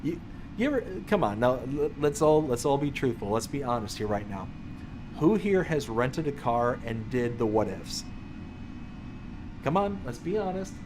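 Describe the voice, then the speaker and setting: A man's voice: medium pitch, normal speed, noisy background. A man live-streaming a farming game, chatting casually with his viewers, often laughing and answering their messages. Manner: animated, laughs often, talks to chat. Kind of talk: casual live-stream chat while playing.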